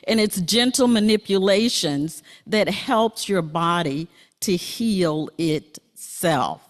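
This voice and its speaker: An older woman giving a keynote talk in a plain, matter-of-fact way. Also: on the low side. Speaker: keynote speaker.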